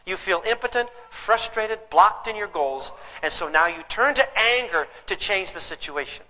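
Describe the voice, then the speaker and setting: A man's voice: high-pitched, lively intonation, moderate pace, sharp tone. An older man giving a live parenting lecture, telling stories emphatically and putting questions to his audience. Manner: asks the audience rhetorical questions; storytelling, emphatic. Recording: long hall reverb.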